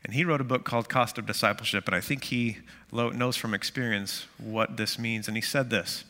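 A man's voice: mid-range voice, steady tone, brisk, hardly any pauses, bright, forceful tone, in a large hall. A man preaching a sermon to his church in a conversational way, with self-deprecating jokes and many fillers. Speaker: pastor.

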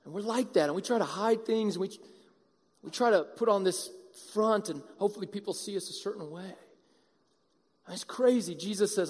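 A man preaching a sermon as pastor, animated and acting out the voices of a crowd. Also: high-pitched, moderate pace. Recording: long hall reverb.

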